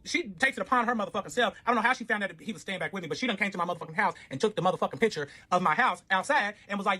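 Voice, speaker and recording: A man's voice: high voice, very fast, few pauses, dry recording. A man telling a personal story in casual, profanity-laced storytime fashion, animatedly acting out what everyone said. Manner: animated, profane, acts out quotes. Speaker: storyteller recounting his relationship.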